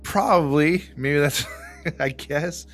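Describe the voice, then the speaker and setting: A man's voice: fairly high pitch, slow, fairly bright tone. A man talks through a true-crime case in loose, casual podcast style. He rambles with plenty of fillers and slips into quoting the people in the story, while faint music plays underneath. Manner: rambling, lots of fillers, acts out quotes. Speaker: podcast host.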